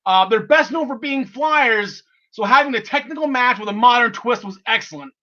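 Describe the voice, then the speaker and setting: A man hosting a wrestling podcast in an excitable, chatty way, tripping over his words and laughing between thoughts. His voice sits very high and sounds bright and forward. The audio is a bit dull and lo-fi. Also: normal speed. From half Irish. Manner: enthusiastic, laughs often, many fillers and restarts. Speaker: podcast host. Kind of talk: casual wrestling podcast chat.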